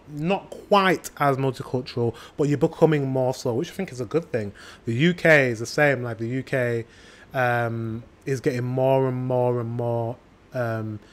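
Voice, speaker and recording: A man's voice: mid-range voice, a bit bright. A British man hosting a reaction video, chatting casually and drifting off on tangents. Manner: rambling, goes off on tangents.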